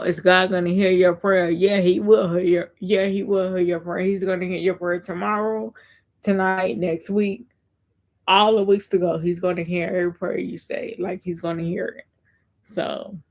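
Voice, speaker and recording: Woman live-streamer, earnest faith chat, monotone delivery with a lot of vocal fry. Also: mid-range voice, normal speed. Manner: reads viewer comments aloud and answers them; earnest, repeats herself. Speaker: content creator.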